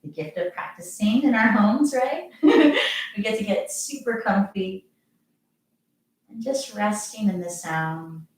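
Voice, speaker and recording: A woman yoga teacher guiding a relaxation with soft, calm, encouraging cues. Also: medium pitch. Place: practicing at home. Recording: very echoey room, distant mic, music behind.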